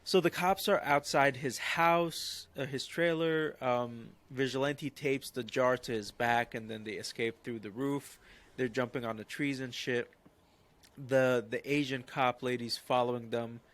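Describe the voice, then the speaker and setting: A man's voice: medium pitch, steady tone, measured pace, fairly bright tone. A man co-hosting a podcast, casually recapping an episode in a loose, rambling way with lots of fillers. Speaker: podcast co-host.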